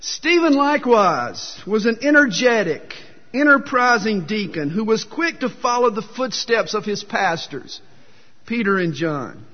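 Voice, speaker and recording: A man's voice: high-pitched, big pitch swings, measured pace. A man preaching a sermon, telling folksy jokes with a self-deprecating humor, recorded in a dull, echoey hall. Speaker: pastor.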